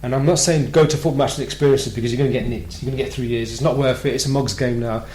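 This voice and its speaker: A man from Britain hosting a live radio show, telling a personal story in a lively way and acting out the voices of the people in it. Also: mid-range voice, racing, echoey room, slight background noise, rough recording. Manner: animated storyteller, acts out quoted voices. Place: radio studio.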